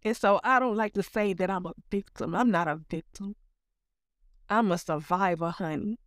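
Earnest lady telling her faith testimony, smooth clear voice, dry close sound. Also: medium pitch, normal speed, no echo. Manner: earnest, calls the listener honey. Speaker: testimony speaker. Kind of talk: personal spiritual testimony.

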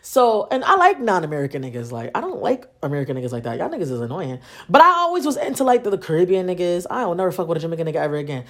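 A young adult woman hosts a podcast, telling stories in a casual monologue that's sarcastic and profane, acting out the dialogue as she goes. Her fairly low voice is sing-song and races along with few pauses.

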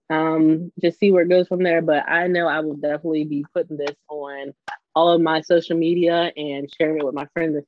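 With a deep voice, a young woman co-hosting a podcast chats effusively with her guest, laughing often and playing out what people said through quoted asides. The recording is muffled and has no room sound.

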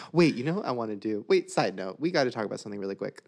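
A young man hosting a podcast, chatting casually and telling an animated story, putting on voices for the people in it. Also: lowish voice, very fast. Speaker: podcast host. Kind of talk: casual chat.

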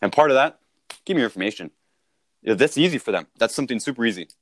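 A man's voice: mid-range voice, animated, very fast, a bit bright. A man coaching salespeople in a casual conversation, punchy and emphatic, often checking in with "right?".

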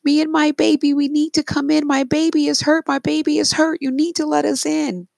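A woman's voice: level tone, fairly quick, vocal fry, a little mellow, no room sound, studio quality. A woman voicing a frantic male polar bear who screams and begs to be let in. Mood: pleading. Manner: high-pitched pleading screams.

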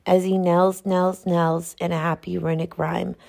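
A woman reads a poem aloud with a gravelly, mellow voice. Her delivery is measured and rhythmic. She slows down and lingers over repeated words. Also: lowish voice, flat delivery. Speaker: poetry reader. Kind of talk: poetry recitation.

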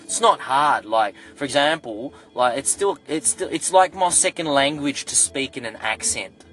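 An easygoing Australian-accented young guy, played by a man who wanders through every thought, doubling back and padding each line with fillers. The comedic monologue has a loose, rambling flow at an ordinary mid pitch. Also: expressive, normal speed, fairly bright tone, lightly acted. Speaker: comedy character.

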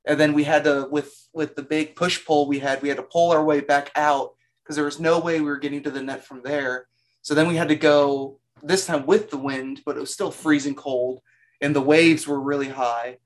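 A man telling a long work story in a rambling, animated way, full of "like" fillers. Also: fairly high pitch, moderate pace. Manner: animated, self-mocking storyteller. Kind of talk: casual storytelling.

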